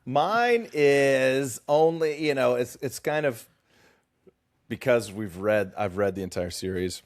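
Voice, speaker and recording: A man co-hosting a casual book-discussion podcast, animated and playfully teasing his partner. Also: medium pitch, takes it slowly. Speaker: podcast co-host.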